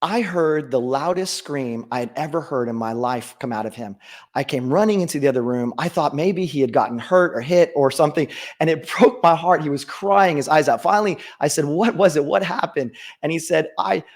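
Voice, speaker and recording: Middle-aged guy on stage telling a story at a conference, kinda high voice, lots of um and restarts. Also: brisk. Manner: earnest, many restarts and fillers. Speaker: conference speaker. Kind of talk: conference talk with personal story.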